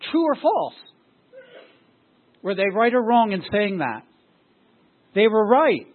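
A pastor with a high, slightly husky voice preaches to his congregation and keeps firing questions at them. The recording sounds thin and tinny, like it came over a phone line. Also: very animated, takes it slowly. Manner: asks the congregation rhetorical questions. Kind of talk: sermon.

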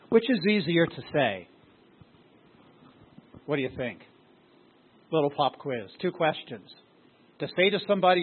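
High-voiced husky preacher, tinny sound. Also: male voice, lively intonation, moderate pace, long pauses. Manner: asks the congregation rhetorical questions. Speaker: pastor. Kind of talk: sermon.

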